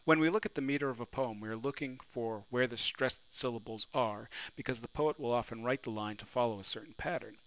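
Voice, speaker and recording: A man's voice: mid-range voice, brisk, few pauses, fairly bright tone, low-quality recording. Man teaching poetry, asking and answering. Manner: asks questions then answers them. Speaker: literature teacher. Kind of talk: recorded lecture. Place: New Orleans.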